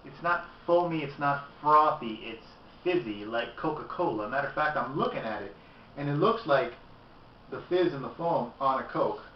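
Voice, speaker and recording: A man's voice: medium pitch, lively intonation, normal speed, a little hiss or hum. A man reviewing beer in a roomy space. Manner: chatty and candid, tasting as he talks. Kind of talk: casual video review. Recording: roomy, distant, dull lo-fi camera audio.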